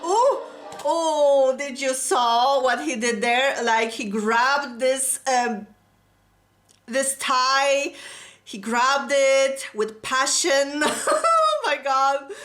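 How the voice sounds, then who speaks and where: A woman hosting a reaction video, gasping and exclaiming breathlessly with excitement. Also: high voice, drawn-out words. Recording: roomy echo with music playing behind. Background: the reacted music video's music.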